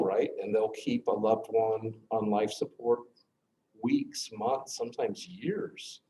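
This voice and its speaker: A middle-aged man teaching a class, earnestly telling a personal story, with his voice dropping low at the hard moments. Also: warm tone. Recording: echoey classroom, faint noise.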